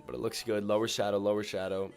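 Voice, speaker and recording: A man streaming his day trading live, slangy and excitable, swinging between calm muttering and loud whoops as he talks to his viewers. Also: fairly low pitch, fast talker, smooth, soft background music. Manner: slangy, keeps addressing viewers as ladies and gentlemen.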